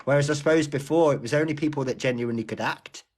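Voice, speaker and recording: A man's voice: on the high side, fast. A man in casual chat as a co-host, talking things through in a reasoned way. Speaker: radio co-host.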